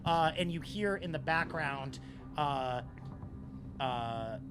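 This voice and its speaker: A woman narrating a tabletop role-playing game as game master, animated and full of fillers. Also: sits low, slow, music in the background.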